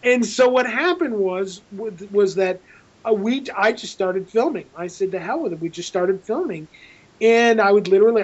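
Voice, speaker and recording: A man, a film director being interviewed, telling a rambling, animated story with frequent restarts. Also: sits high, lo-fi sound.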